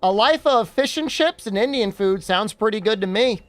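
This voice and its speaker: A man's voice: high voice, lively intonation, moderate pace, a bit bright, no room sound, soft background music. A young American man streaming and chatting casually, joking and reacting to questions from his chat.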